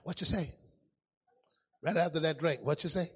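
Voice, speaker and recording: A man preaching a sermon, talking in a loose, conversational way that swings between loud outbursts and hushed asides. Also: on the high side, moderate pace, husky, long reverb tail. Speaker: pastor.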